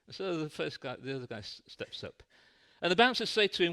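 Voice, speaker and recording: A man's voice: fairly high pitch, big pitch swings, a little fast, sharp tone. A man preaching a sermon in a church, telling a light-hearted story.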